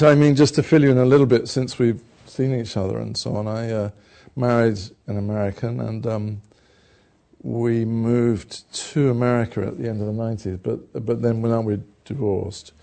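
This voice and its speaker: An older British man, an actor from England, telling rambling, self-deprecating stories in a relaxed conversation. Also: medium pitch, moderate pace, gravelly. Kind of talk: conversational storytelling.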